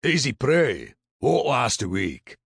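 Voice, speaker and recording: A man performs a full character voice of a jeering, gravelly frontier crony, pitched above his own voice at a medium level. He is very animated yet slow-paced, recorded dry with clean studio sound.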